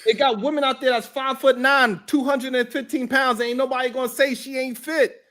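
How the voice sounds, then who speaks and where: A woman argues her point in a heated casual debate. She is brash and profane and keeps pushing her case. Her voice sits high. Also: fairly even intonation, a little fast, fairly bright tone.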